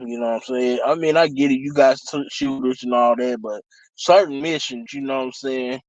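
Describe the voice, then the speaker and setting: A man reviewing a TV episode in a casual, heated rant, swearing constantly, sometimes shouting, and often saying "you know what I'm saying.". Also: medium pitch, brisk, dry recording, muffled recording. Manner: profane, heated, shouts in bursts.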